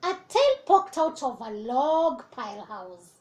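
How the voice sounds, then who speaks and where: Speaking slowly at a high pitch, a woman teacher brings a kids' storybook to life with lively, expressive reading. Now and then she turns to address the children directly.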